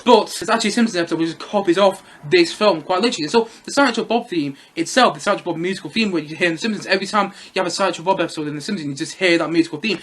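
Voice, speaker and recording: A man's voice: high-pitched, very fast, hardly any pauses, a bit bright, a little hiss or hum. A man giving a casual, enthusiastic film review, rambling and repeating himself.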